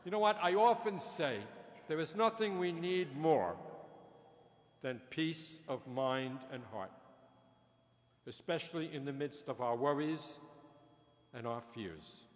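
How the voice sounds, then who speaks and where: A man preaching a sermon as a priest, telling stories and jokes slowly and chuckling at his own punchlines. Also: fairly high pitch, lively intonation. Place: large church. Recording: long church reverb.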